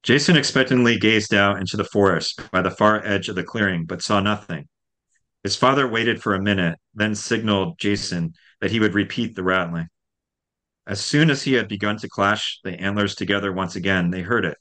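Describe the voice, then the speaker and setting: A man, the author and guest, reads a passage from his novel in a steady, measured way. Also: fairly low pitch. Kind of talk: reading aloud from his novel.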